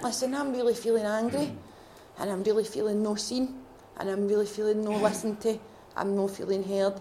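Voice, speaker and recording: A Scottish woman at a faith retreat, sharing her personal testimony in a heartfelt, halting way with many restarts. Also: mid-range voice, steady tone, dark tone, slight background noise. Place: retreat gathering room.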